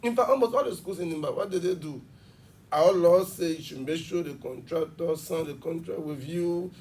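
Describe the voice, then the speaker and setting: A man's voice: on the high side, darkish tone, far from the mic. A man, an education official explaining at length in a TV interview. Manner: fast, emphatic explaining with examples. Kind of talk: television interview.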